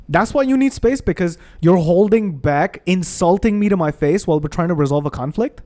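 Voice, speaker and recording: A man's voice: high voice, animated, fairly quick, hardly any pauses, a little mellow. A man streaming gameplay who rants bluntly and with heavy swearing. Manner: heated, profane, blunt. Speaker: gaming streamer. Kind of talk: ranting commentary over gameplay.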